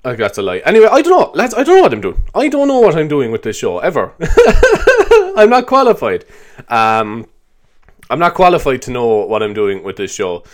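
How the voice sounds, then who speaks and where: Rambling man with a lively, jumpy voice. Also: a little fast. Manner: self-mocking, rambling, laughs often, voice jumps high. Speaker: comedy show host. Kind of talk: rambling improvised comedy monologue.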